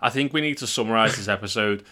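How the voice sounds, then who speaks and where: A man's voice: lowish voice, fast, bright, forceful tone. A man hosting a podcast, teasing his friends and joking in casual chat. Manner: jokey, teasing. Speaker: podcast host.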